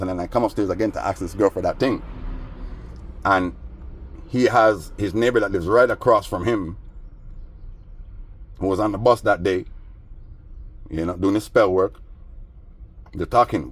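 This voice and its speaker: Dude with a lowish voice rambling on about his neighbors, slangy, lots of "you know what i mean". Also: a little hiss or hum. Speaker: vlogger. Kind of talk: casual storytelling vlog.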